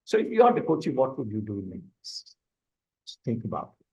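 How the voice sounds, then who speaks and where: A man's voice: mid-range voice, huge pitch swings, moderate pace, darkish tone, slightly rough, poor audio. A man leading a coaching masterclass, explaining step by step and asking the audience questions. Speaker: coaching instructor. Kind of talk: online masterclass teaching.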